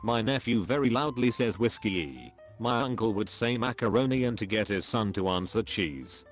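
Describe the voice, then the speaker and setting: A man's voice: lowish voice, lively intonation, normal speed, soft background music. A man reading stories aloud as a narrator, in a scripted storytelling style.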